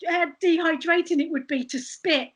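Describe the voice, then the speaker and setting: A woman with a high voice tells stories with lots of energy, often breaking into laughter. She talks casually as a guest in a podcast interview about her life as a street performer. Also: normal speed. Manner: animated, laughing storyteller.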